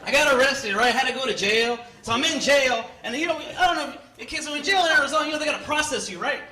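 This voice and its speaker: A man in his thirties performing stand-up, animated, landing loud punchlines and tossing in Spanish words. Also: very high-pitched, quick pace. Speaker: stand-up comedian. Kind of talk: stand-up comedy set. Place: comedy club stage with live audience. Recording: echoey club with audience noise.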